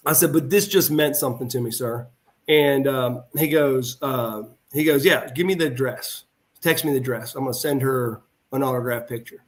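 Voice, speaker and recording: A man's voice: mid-range voice, moderate pace. A middle-aged man, a former pro wrestler, telling a story as a guest over a remote video call and acting out the voices of the people he quotes. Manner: animated, acts out quoted voices. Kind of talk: casual anecdote storytelling.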